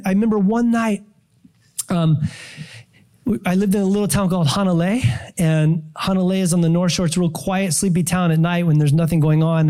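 A middle-aged male pastor giving a sermon testimony, telling his story with animated storytelling and acting out his own prayers and surprise. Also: high voice.

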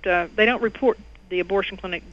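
This is a middle-aged woman with a medium-pitched voice and a quick pace, guesting on an interview show as a former clinic owner. She gives earnest testimony about her own experience, voicing others' words more loudly. It's captured in dull lo-fi audio carrying faint noise.

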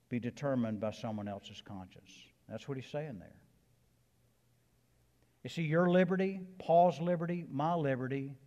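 A man's voice: mid-range voice, a little mellow, in a large hall, dull audio. A man with a Southern accent, a pastor preaching a sermon with emphatic builds and casual conversational asides. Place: church sanctuary.

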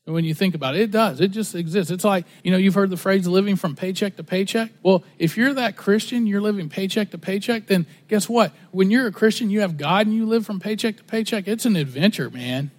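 A man with a high voice preaches in an easygoing, conversational way, stumbling over and repeating words. The sound carries a long reverb, as in a large hall. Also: a little fast, hardly any pauses. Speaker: pastor. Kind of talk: sermon.

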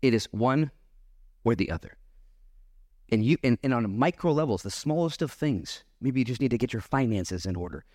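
A pastor in full flow, preaching with a lively, swinging voice that rises high for acted-out lines and drops low for serious points. He sounds dry and close to the microphone, with no room echo. His tone is conversational and animated, as if he is talking straight to the congregation. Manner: animated, acting out voices and dialogue. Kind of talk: sermon. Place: church.

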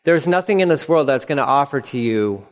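Earnest pastor preaching in a reverberant hall. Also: male voice, mid-range voice, lively intonation, a little fast. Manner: earnest, repeats phrases for emphasis, acts out quoted dialogue. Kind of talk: sermon. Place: church sanctuary. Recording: long reverb of a church hall.

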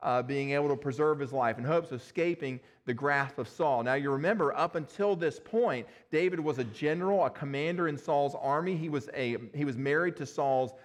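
A male pastor preaches to his congregation and tells the story with earnest drama. His voice sits a little high for a man. He speaks loosely, with fillers and restarts, and leans into vivid scenes. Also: fairly quick, hardly any pauses. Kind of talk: sermon.

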